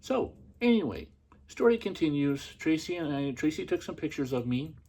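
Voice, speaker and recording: A man's voice: fairly high pitch, big pitch swings, moderate pace, dark tone, slightly rough. A middle-aged man hosting a podcast, telling a personal story in a casual, chatty way with many fillers and restarts. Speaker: podcast host.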